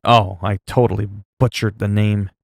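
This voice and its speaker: A man talking to his viewers at a home streaming desk, rambling from topic to topic with plenty of ums and little self-digs. His voice sits on the low side, and the sound is dry and close with almost no room echo. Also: little pitch movement, normal speed, vocal fry. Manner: rambling, chatty, self-mocking, many fillers. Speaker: livestreamer. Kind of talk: casual livestream chat.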